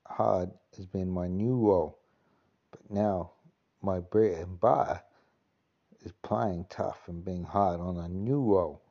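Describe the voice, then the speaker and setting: A man's voice: on the low side, dark tone, lo-fi sound. A man hamming up a sweary cockney geezer. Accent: Cockney, put on. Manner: rambling, sweary, full of filler phrases. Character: swaggering male cockney geezer, crude. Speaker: podcast host. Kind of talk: comic impression monologue.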